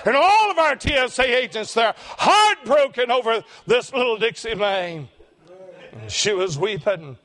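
Older preacher telling a story. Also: male voice, very high-pitched, expressive, a bit bright. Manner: emotional, slows for emphasis. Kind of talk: sermon storytelling.

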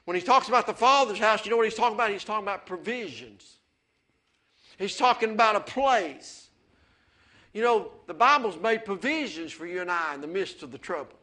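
A man preaching a sermon, mixing folksy family stories with rising, excited calls of amen. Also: high-pitched, a little fast. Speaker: pastor.

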